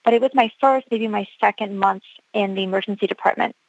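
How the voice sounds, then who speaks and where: Woman doctor telling an earnest story, gravelly edge, dry dull sound. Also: mid-range voice, fast talker, no room sound. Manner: earnest, reliving events with quoted dialogue. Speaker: emergency physician telling a story. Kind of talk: storytelling interview.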